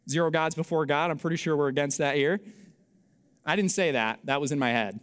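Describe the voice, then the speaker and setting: A young adult man, a pastor, telling a story in a sermon with animated, self-mocking delivery and acted-out dialogue. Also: a little high, normal speed, long pauses, clean tone.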